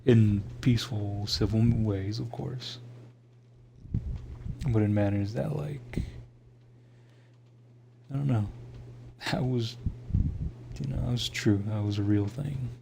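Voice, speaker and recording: A man's voice: fairly low pitch, steady tone, slow, creaky, long pauses, dark tone, a little hiss or hum. A young man in a casual, rambling monologue, swearing often and laughing to himself as he reflects.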